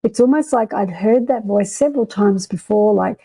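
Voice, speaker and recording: A woman's voice: medium pitch, moderate pace, hardly any pauses, breathy edge, low-quality recording. A woman, an interview guest earnestly and reflectively recounting a near-death experience. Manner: earnest, reflective storytelling with soft laughs.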